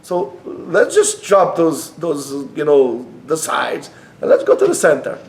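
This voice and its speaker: A man's voice: fairly high pitch, wildly swooping pitch, measured pace, darkish tone. A man teaching an informal Torah class at a yeshiva, talking conversationally and often restarting his phrases. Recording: echoey room.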